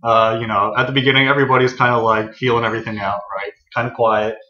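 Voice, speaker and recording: A man's voice: mid-range voice, little pitch movement, quick pace, echoey room, dull audio, crowd noise. A young man from Texas telling a story in casual podcast chat, rambling and correcting himself as he goes. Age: young adult. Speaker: podcast co-host.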